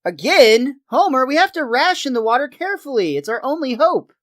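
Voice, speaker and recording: A man's voice: very high voice, sing-song, fairly quick, a bit bright, no echo, clean studio sound, pitched above the performer's own voice, exaggerated voice. A man voicing a cheery, earnest neighbor in a sing-song cartoon manner. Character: cheery, pious middle-aged neighbor man.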